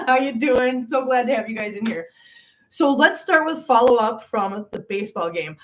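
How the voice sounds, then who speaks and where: Chatty woman host, slightly high voice, live chat with viewers, a bit off-mic. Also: expressive, normal speed, distant mic. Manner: chatty, greets viewers by name with pet names. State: out of breath. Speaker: channel host. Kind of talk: casual livestream chat.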